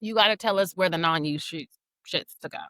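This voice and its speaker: A woman's voice: fairly low pitch, fairly quick, a bit bright, no echo. A woman chatting casually as a podcast guest, tossing in playful remarks. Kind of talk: casual chat.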